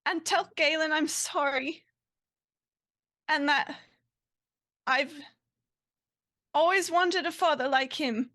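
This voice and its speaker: A woman voicing a frightened, hopeless young woman who shouts a pleading goodbye to her friends. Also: high-pitched, slow, long pauses, pitched above the performer's own voice, full character voice. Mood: earnest farewell. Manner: earnest, pleading farewell.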